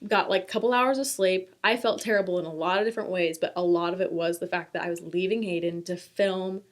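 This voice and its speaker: A young woman co-hosting a podcast, chatting casually and candidly about new motherhood, with animated sarcastic retellings. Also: lowish voice, quick pace. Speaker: podcast co-host. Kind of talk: casual chat.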